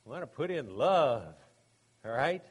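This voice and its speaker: Here a pastor preaches with a husky, medium-pitched, sing-song voice at a measured pace. His sermon feels conversational, full of "you know" and "okay?" asides, and he laughs while acting out characters in humorous anecdotes.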